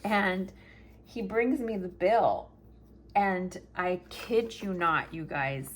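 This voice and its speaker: A middle-aged woman telling stories in a casual, chatty planner vlog, animated and talkative. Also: on the low side, slow. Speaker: planner vlogger.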